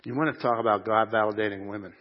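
A man preaching a sermon at a live church service, animated, swinging from loud shouts of joy to quiet asides. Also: on the low side, fast, muffled recording. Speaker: pastor.

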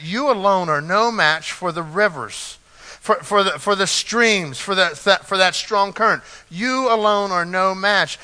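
Male pastor, earnest conversational sermon, slightly high and bright, reverberant church hall. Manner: earnest, repeats key phrases, light asides.

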